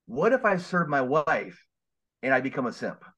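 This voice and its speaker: On a casual podcast, a male guest speaks earnestly and emphatically, almost as if preaching. He has a mid-range voice with big pitch swings, a bright, forceful tone, and normal speed, all captured in dull lo-fi audio.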